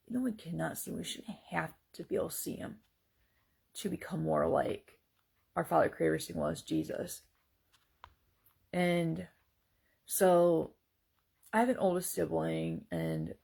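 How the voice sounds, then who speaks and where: Her voice is low, creaky, husky, and a little mellow. As a vlogger sharing personal reflections, she talks earnestly about faith in a casual, rambling way, hesitating often and restarting with plenty of fillers.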